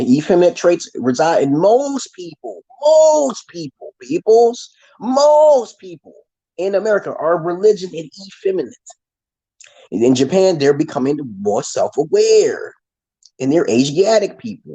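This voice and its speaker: A man rants at his viewers in a rambling monologue, swearing freely and stumbling over restarts. His voice is mellow and slightly husky. His pitch swings widely from low mutters to sudden high bursts. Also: rough recording. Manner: ranting, heavy swearing, many restarts. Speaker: channel host.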